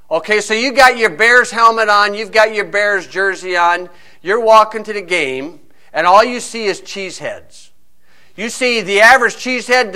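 A man preaching a sermon, telling a lively story and acting out quick asides from other people. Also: sits high. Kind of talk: sermon with a sports illustration.

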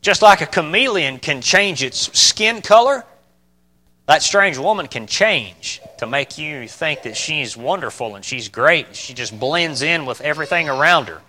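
A man preaching a sermon, asking his listeners questions and swinging between loud emphatic bursts and quiet, calm lines. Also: on the high side, unhurried. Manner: asks the listeners rhetorical questions.

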